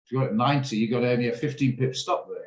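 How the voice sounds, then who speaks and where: A man's voice: medium pitch, very fast. Male trading host, blunt and rambling, echoey video-call sound. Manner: chatty, blunt, rambles off topic. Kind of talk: casual chat in an online trading session. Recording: roomy echo on a video call.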